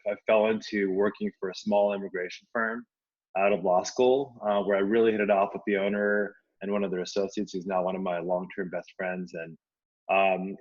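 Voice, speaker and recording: A man in his forties, an attorney guest on a podcast, talking in a relaxed way with frequent ums. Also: fairly low pitch, highs cut off. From United States. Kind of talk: casual interview chat.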